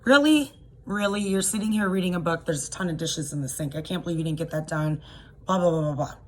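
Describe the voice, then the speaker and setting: A woman's voice: mid-range voice, lively intonation, normal speed, husky, poor audio. A woman voicing a dismissive, passive-aggressive husband who brushes off questions and turns blame back on his partner. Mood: exasperated.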